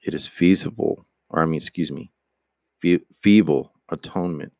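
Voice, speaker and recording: A man's voice: extremely low pitch, moderate pace, vocal fry, a little mellow, no echo, clean studio sound. A man giving a dramatic reading of a father's remorseful letter, earnest in tone and sometimes stumbling and restarting a word. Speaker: reader.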